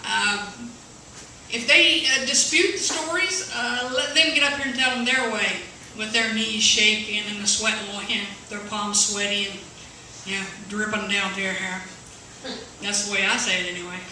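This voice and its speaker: A nervous woman with a West Virginia mountain accent tells stand-up stories at an open mic, stumbling over fillers as she goes. Her voice is very bright, and it echoes heavily through a coffee house, recorded from out in the room with faint hum behind. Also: mid-range voice, distant mic. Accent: West Virginia Appalachian. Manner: nervous, halting, many uhs. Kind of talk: stand-up comedy. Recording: echoey room, taped from afar.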